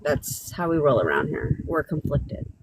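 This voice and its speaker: A woman from Southern California rants on a live stream as a manifestation coach, blunt and full of swearing, laughing often. Her voice sits a little low. Faint noise hums under the recording. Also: sing-song, measured pace.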